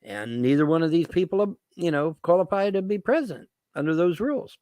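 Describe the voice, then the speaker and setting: A man's voice: fairly high pitch, animated, fairly quick, warm tone, no echo. A man ranting to his viewers as a vlogger, swearing, repeating himself and asking rhetorical questions. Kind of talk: rambling political rant to camera.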